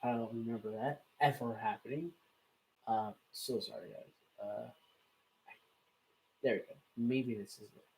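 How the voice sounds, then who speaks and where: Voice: mid-range voice, measured pace, long pauses, a little mellow, low-quality recording. A YouTuber giving loose, chatty reaction commentary with plenty of fillers.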